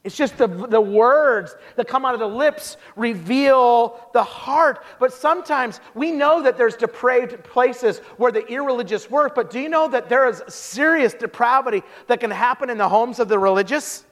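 A man preaching a sermon as pastor, telling stories in an animated way with quick restarts. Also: extremely high pitch, big-room sound.

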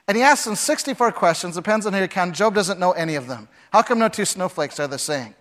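A man in the pulpit with a somewhat high voice delivers a dramatic sermon. He lurches from shouted, acted-out lines to low, quiet passages, telling the story with lots of energy. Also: wildly swooping pitch, normal speed. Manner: dramatic, acts out voices with big swings from shouting to hushed. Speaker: pastor.

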